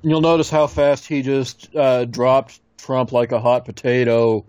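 A man co-hosting a casual podcast chat, chiming in with quick wisecracks. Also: mid-range voice, flat delivery, a little mellow, dry recording. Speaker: podcast co-host.

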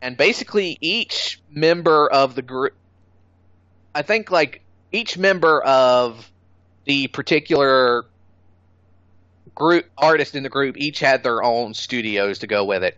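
A fairly bright, medium-pitched voice with a measured pace belongs to a man in casual podcast conversation. He's opinionated and blunt, cursing and chuckling at his own jokes; there's no room sound, though the audio is dull and lo-fi.

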